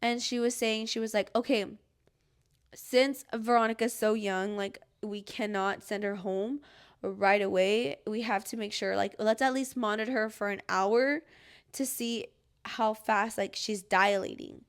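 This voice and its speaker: A woman's voice: mid-range voice, steady tone, unhurried, clean tone. A young woman hosting a podcast, telling a personal story in casual, rambling chat full of "like". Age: young adult. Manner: rambling, fills every phrase with "like"; acts out her own past cries and pleas. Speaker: podcast host.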